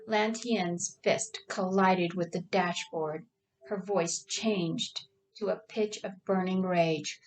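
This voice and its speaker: A woman author reading her own novel aloud in a plain, unhurried way with small slips. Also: on the low side, far from the mic, poor audio.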